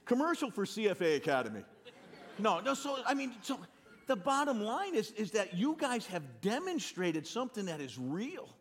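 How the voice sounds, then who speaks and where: A pastor in his sixties with a Northeastern US accent delivers a sermon full of animated, self-deprecating stories and frequent restarts. His voice is high and his speed is normal.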